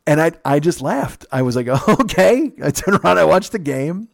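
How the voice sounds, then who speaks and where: A man with a slightly high voice tells a story in an animated, profane way. He swears freely and bounces between his own voice and sharp, high mimicry of others. The sound is dry and close. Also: moderate pace, creaky, dry recording. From United States. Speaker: podcast host. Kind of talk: casual storytelling.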